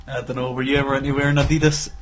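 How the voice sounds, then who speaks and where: A man's voice: medium pitch, level tone, quick pace, a crowd in the background. A man in casual chat as a podcast co-host, laughing often and acting out voices in his stories. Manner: laughing, acts out quoted voices.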